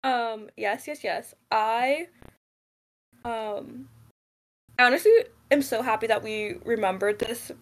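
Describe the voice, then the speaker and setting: A woman's voice: a little high, takes it slowly, long pauses. A young woman co-hosting a podcast in casual chat, rambling with many fillers and giggles. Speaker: podcast co-host.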